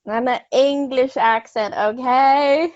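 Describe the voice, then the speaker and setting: A woman's voice: sits high, steady tone, takes it slowly, background noise. A woman co-hosting a podcast in casual chat, giggly and self-conscious as she banters. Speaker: podcast co-host. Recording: dry, slightly dull lo-fi sound.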